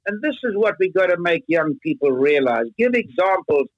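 High-voiced man in his eighties. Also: moderate pace, no echo, dull audio. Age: 80s. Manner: animated storytelling, earnest. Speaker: guest. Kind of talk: interview.

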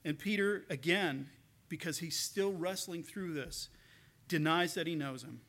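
A male pastor with a fairly high voice preaches a sermon, retelling a story in earnest, spoken tones. He often repeats a word or two as he goes, talking it through with his congregation. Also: a little slow, fairly bright tone.

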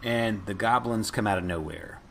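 A man co-hosting a casual podcast, recapping a movie with profanity and acting out the characters' lines in loud, high voices. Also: moderate pace, gravelly, over a noisy crowd. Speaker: podcast co-host.

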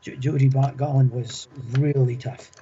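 Medium-pitched and dark, this older man's voice has fairly even intonation and a normal speed, with a little hiss or hum in the dull lo-fi recording. As an interview guest and former club manager, he tells enthusiastic, chatty stories about his career and often repeats himself.

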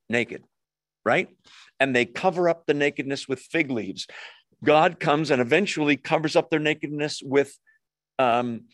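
A man teaches a Bible study in a lively way, often putting rhetorical questions to his listeners. His voice sits at an ordinary pitch for a man. The recording is dry and close, with almost no room sound. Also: dry recording.

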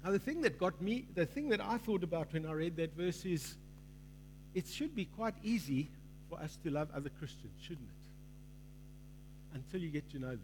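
A man's voice: fairly high pitch, lively intonation, normal speed, long pauses, a little mellow. A male pastor preaching a sermon with growing fervor, acting out the voices in a parable he tells. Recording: long hall reverb, faint mains hum.

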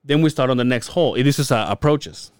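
A man's voice: mid-range voice, fast talker, clear, resonant tone, no echo. A man co-hosting a podcast, telling a story in casual chat, acting out what people said, swearing and laughing often. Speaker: podcast co-host.

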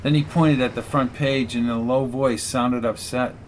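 A man's voice: medium pitch, fairly even intonation, normal speed, a little hiss or hum. Man reading an audiobook steadily. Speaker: audiobook narrator. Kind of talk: scripted narration.

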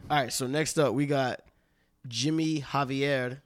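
A man's voice: mid-range voice, steady tone, no room sound. Joking man co-host, dry close sound. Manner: joking, quick asides. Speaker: podcast co-host. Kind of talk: casual beat critique banter.

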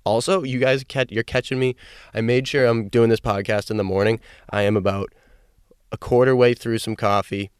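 A man's voice: mid-range voice, steady tone, moderate pace, smooth, dry recording, clean studio sound. A young man hosting a solo podcast from his parked car, talking loosely into a microphone and swearing freely. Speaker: podcast host. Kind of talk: casual solo podcast rambling.

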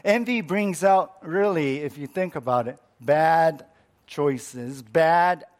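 A man preaching a sermon as pastor, earnest and measured, repeating key points. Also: on the high side.

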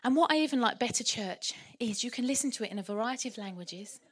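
A woman preaching a sermon in church, lively and humorous. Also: on the high side, quick pace, slightly rough. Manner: lively, humorous and animated, often laughing.

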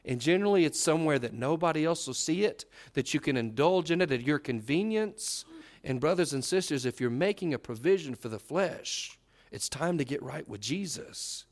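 A middle-aged man preaching a sermon in a folksy, conversational way that swings from loud to quiet. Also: mid-range voice.

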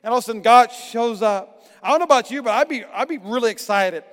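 A middle-aged pastor preaching a sermon, swinging from hushed tones to emphatic shouts. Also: male voice, very high voice, fast talker. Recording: long echoing reverb.

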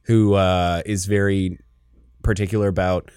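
A man's voice: low voice, level tone, measured pace, a little mellow, smooth, dry recording, clean studio sound. A man guessing word meanings in a casual podcast game, playful and jokey. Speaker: podcast co-host, guessing player.

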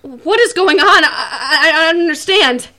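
A woman playing a tabletop game speaks as her character, flustered. Her voice is high and bright. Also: lively intonation, normal speed. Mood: distressed. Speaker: player.

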